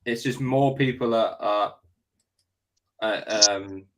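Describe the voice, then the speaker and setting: A man's voice: medium pitch, takes it slowly, rough recording. A man from the UK, a guest in a casual chat about the paranormal, talking matter-of-factly about spirits.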